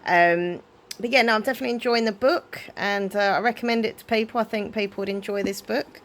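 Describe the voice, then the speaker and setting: A woman's voice: mid-range voice, fairly even intonation, brisk, fairly bright tone. A woman vlogging in a chatty, rambling way about her reading, with plenty of fillers. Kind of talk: casual chat.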